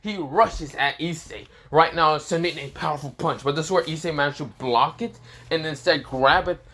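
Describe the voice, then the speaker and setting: A man's voice: on the high side, moderate pace, bright, forceful tone. A man casually narrating a fan story off the cuff, rambling with many fillers and restarts.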